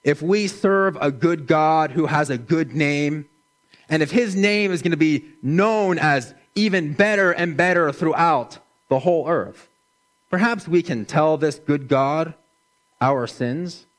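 Slow, gentle preaching man. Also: on the high side. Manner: slow, gentle, measured preaching with soft drops for emphasis. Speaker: pastor. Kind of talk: sermon.

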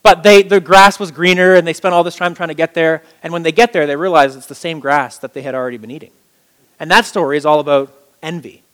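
A man in his thirties, a pastor giving a conversational sermon in an animated, chatty way, with many fillers and restarts. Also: a little high, quick pace, clean tone.

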